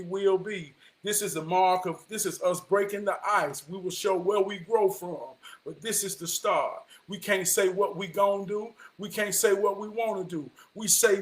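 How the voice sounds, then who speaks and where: A man giving a motivational talk in a preacher-like cadence, swinging from hushed words to shouting. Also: high-pitched. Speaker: motivational vlogger.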